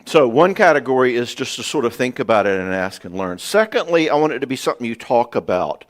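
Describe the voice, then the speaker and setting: A man in his sixties, a psychologist giving a folksy, animated seminar talk on marriage, often acting out conversations. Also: mid-range voice, fast. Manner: animated, folksy, acts out dialogue. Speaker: psychologist and speaker.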